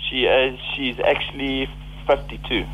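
A man's voice: mid-range voice, steady tone, a little slow. A man on a phone call to his mother, talking casually and hesitantly with many fillers. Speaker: caller, son. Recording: dull phone line with clear background noise.

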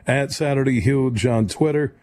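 Male sports radio host, mellow voice, fast-talking, opinionated. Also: medium pitch, a little hiss or hum. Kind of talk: late-night sports call-in show. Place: radio studio.

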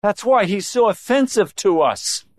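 A man preaching a sermon, moving between low confiding remarks and raised, emphatic exhortation. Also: lively intonation, measured pace, a little mellow, no room sound. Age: older.

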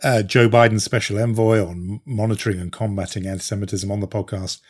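A man's voice: lowish voice, fairly even intonation, a little fast. A British man hosting a news podcast, talking things through thoughtfully with frequent fillers and restarts. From Britain. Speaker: podcast host. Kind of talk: conversational news discussion.

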